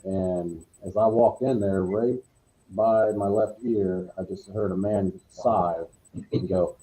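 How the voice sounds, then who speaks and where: Low-voiced middle-aged man, matter-of-fact. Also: fairly even intonation, slow, warm tone, low-quality recording. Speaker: podcast guest. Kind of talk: casual storytelling.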